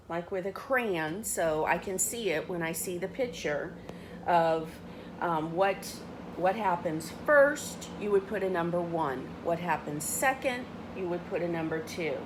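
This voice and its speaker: A woman's voice: fairly low pitch, a little hiss or hum. A woman teacher giving patient step-by-step instructions for class work at home.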